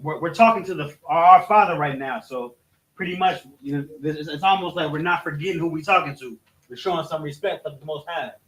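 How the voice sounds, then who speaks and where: Halting male teacher in an echoey room. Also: fairly high pitch, fairly bright tone. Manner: halting, self-correcting explanation. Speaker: religious study teacher. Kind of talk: whiteboard Bible lesson. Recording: roomy echo, voice from a distance.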